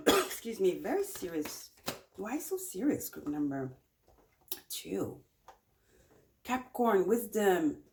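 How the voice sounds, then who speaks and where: Doing a pick-a-card tarot reading, a woman speaks in a relaxed, chatty, encouraging way, repeating short phrases again and again for emphasis. Her pitch is in an ordinary middle range for a woman, her pace is slow with long pauses, and the background is noisy.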